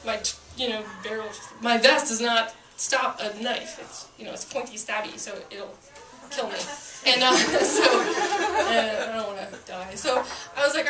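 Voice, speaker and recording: A woman's voice: fairly high pitch, expressive, a little slow, echoey room, far from the mic, background noise. Woman telling a cop story to an audience. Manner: chatty, self-mocking, frequent laughter and fillers. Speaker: police officer telling a story.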